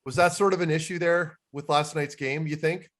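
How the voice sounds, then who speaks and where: A man's voice: a little high, fairly even intonation, moderate pace, fairly bright tone. A man co-hosting a podcast, chatty and joking, asking long rambling questions. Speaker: podcast co-host. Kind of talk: casual interview chat.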